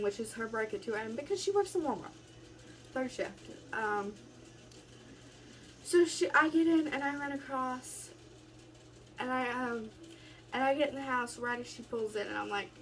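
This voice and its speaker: A woman's voice: on the high side, fairly bright tone, a little hiss or hum, low-quality recording. A young woman tells a rambling storytime into a phone camera at home, chatty with many restarts. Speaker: vlogger. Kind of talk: casual storytime vlog.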